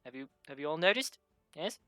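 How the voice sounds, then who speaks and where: A woman's voice: deep voice, lively intonation, a little fast, a bit bright, dry recording, soft background music. A woman voicing a prim, playfully mean female necromancy professor who lectures her class in a proper-ish put-on voice. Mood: teasing. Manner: proper-ish teacherly address with a slipping put-on accent.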